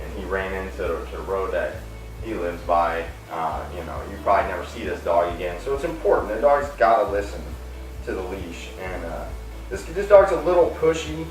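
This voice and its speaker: A man dog trainer explaining calmly to viewers while working a dog, breaking off into sharp high praise calls. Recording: roomy distant camera audio with music.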